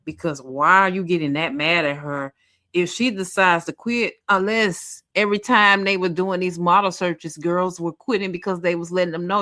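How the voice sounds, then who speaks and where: A woman giving casual reaction commentary, animated and exclamatory, talking straight to her viewers. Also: on the low side, normal speed, no echo, studio quality.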